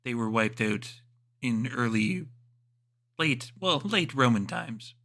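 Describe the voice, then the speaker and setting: Bright-voiced man running a tabletop game. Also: mid-range voice, lively intonation, slow. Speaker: game master. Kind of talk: narrating and voicing a tabletop game.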